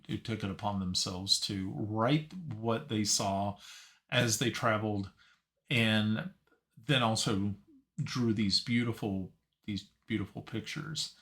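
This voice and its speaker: A man narrating a tabletop game as game master, halting and searching for his words. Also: lowish voice, fairly bright tone.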